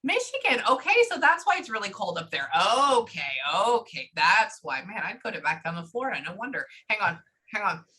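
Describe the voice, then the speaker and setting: A woman working as a psychic medium, talking fast and casually through a live reading and swearing freely. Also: mid-range voice, very animated, pushed and bright. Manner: rapid, chatty, swears casually.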